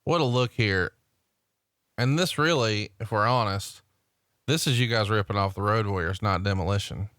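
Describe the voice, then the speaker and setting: A man's voice: fairly low pitch, normal speed, fairly bright tone, no echo, studio quality. A man co-hosting a casual chat, eagerly listing details and prompting questions. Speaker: podcast co-host.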